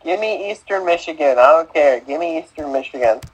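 A man on a casual sports podcast with a husky, slightly raspy voice pitched a little high. He answers bluntly and impatiently, sounding worn out. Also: animated, a little fast, dull audio. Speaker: podcast co-host.

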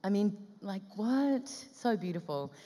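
An Australian woman guest telling stories in an interview, lively and acting out the dialogue as she goes. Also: medium pitch, unhurried. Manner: lively, acts out dialogue in quotes, frequent laughs. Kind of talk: animated storytelling interview. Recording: long reverberant room sound.

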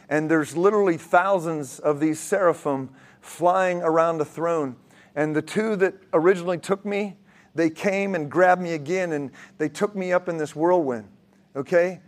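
A man preaching a sermon, telling a vision story in an earnest way with many restarts and repeated words. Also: high-pitched. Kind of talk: sermon testimony.

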